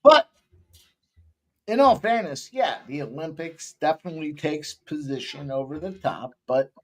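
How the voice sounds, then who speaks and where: A man with a notably high voice hosts a casual live chat about fight bets. He talks slowly and leans into jokes and teasing, swearing now and then. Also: lively intonation. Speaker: betting show host.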